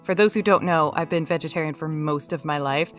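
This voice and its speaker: A woman's voice: sits low, brisk, faint music behind. A woman hosting a casual crochet live stream, bubbly and giggly, greeting her chat one by one.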